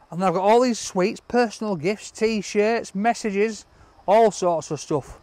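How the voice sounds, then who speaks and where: A man with a Hull accent chatting excitedly to camera as a vlog host, exclaiming a lot. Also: sits high. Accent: Hull, East Yorkshire. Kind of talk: casual vlog chat.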